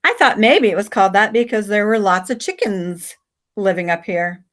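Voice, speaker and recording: A woman voicing an excited young girl on a bike, eager and breathless as she calls out. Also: mid-range voice, normal speed, close to an everyday voice.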